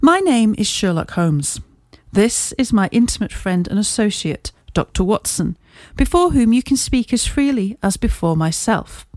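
A woman reading as a brisk, courteous Victorian detective. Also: mid-range voice, big pitch swings, darkish tone, dry recording, natural voice. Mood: composed. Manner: crisp, measured Victorian speech. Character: brisk, observant male detective, confident and courteous.

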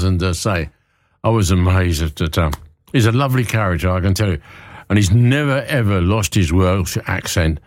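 A man's voice: low voice, lively intonation, moderate pace, no echo, studio quality. A man presenting on hospital radio, chatting casually and rambling between records.

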